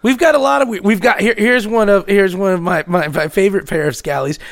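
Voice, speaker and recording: A man's voice: fairly quick, a bit bright. A man co-hosting a podcast, telling profane stories in casual chat and acting out what others said. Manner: profane, storytelling, acts out quotes in lowered voice. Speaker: co-host. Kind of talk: casual crude podcast banter.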